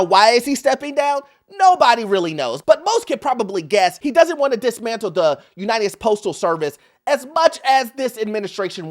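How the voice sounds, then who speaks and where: A man hosting a commentary show, reacting to clips with laughter and talking straight to his viewers. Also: sits high. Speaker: host. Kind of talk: commentary on social media clips.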